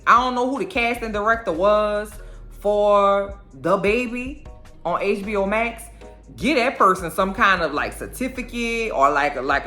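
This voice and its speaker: A woman giving a casual, animated and sassy recap of a TV episode. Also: mid-range voice. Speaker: show recapper.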